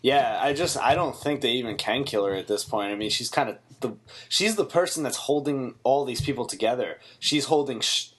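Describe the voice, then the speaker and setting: A man in casual conversation, reviewing a TV episode with blunt, mocking opinions and plenty of swearing. His voice sits at an average pitch and he talks in an easygoing, offhand way. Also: a little fast, hardly any pauses, fairly bright tone, slightly rough. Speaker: podcast co-host.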